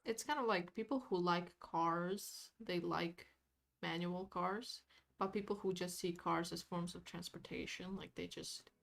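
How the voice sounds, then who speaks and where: A woman's voice: on the low side, vocal fry. A woman art streamer chatting casually while she paints, rambling with lots of fillers and hedges. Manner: rambling, hedging, many fillers and restarts. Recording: music playing behind.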